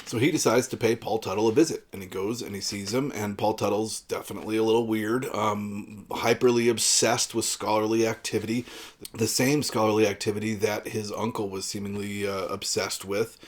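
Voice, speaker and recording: A man with a somewhat low voice talks through a book in a relaxed, rambling way. He often stops on "uh" as he goes. He sounds like a book reviewer chatting casually to a camera. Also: fairly quick. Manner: relaxed, rambling with frequent uhs.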